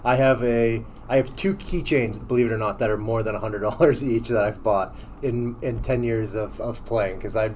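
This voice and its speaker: A man's voice: mid-range voice, fairly even intonation, normal speed, hardly any pauses, a little mellow, a little hiss or hum. Easygoing male podcast co-host. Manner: easygoing and chatty, laughs often. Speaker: podcast co-host, former hockey player. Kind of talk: casual podcast interview.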